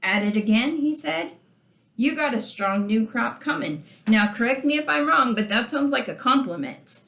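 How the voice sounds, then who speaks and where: A woman's voice: on the high side, moderate pace, gravelly. Woman teacher reading a story and chatting about it, voice jumps around a lot, room echo. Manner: animated, talks to listeners with questions, reads passages aloud. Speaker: literature teacher. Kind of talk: lecture reading and discussing a story.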